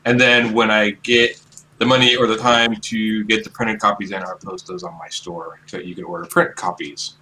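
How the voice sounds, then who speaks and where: A man's voice: on the low side, flat delivery, moderate pace, sharp tone, slight background noise, low-quality recording. A man chatting as a guest on a video call, easygoing and chuckling between sentences. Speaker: guest comic artist. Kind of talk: casual chat on a video call.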